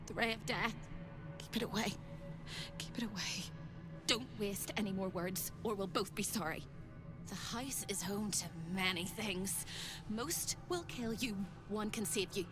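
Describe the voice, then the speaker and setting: A woman's voice: mid-range voice, a little slow, natural voice. An actress voicing a fragile, haunted spirit woman held captive, whispery and pleading, in a video game. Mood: urgent. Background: game music.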